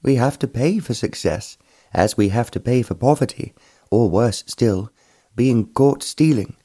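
A man voicing a gentle, patient wealthy father in an audiobook reading. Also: lively intonation, measured pace, breathy edge, no room sound, studio quality. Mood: reasoning. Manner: gentle, low and soothing.

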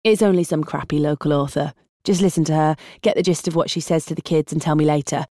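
A woman reading an audiobook, voicing a harried young woman with a British accent who juggles phone calls while driving and talks in a brisk, exasperated way. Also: deep voice, fairly even intonation, dark tone, no room sound, clean studio sound, lightly acted. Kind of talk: audiobook character voice.

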